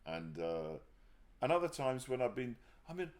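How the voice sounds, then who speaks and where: A man talking candidly as an interview guest, often pausing and restarting his sentences before warming into animated storytelling. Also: medium pitch. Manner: halting, restarts sentences, then grows animated telling anecdotes. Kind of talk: casual reflective conversation. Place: livestream conversation.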